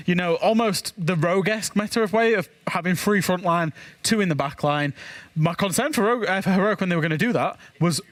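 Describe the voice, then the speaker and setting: A man on an esports analyst desk with a high-pitched voice, talking through team tactics with enthusiasm. He laughs easily between points. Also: fairly bright tone.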